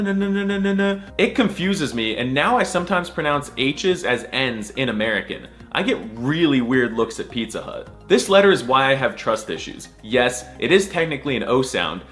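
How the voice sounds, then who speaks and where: A man's voice: mid-range voice, fairly bright tone. A young man giving a jokey scripted voice-over lesson, sarcastic and crude with a mock-serious tone. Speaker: comedy language explainer.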